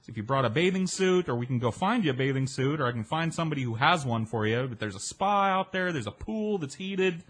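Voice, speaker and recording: A man's voice: fairly high pitch, fast talker, hardly any pauses. A man casually telling a long story about a party, acting out the other people's lines and swearing freely along the way. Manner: animated, acts out voices of people he met; swears freely, chatty and self-mocking.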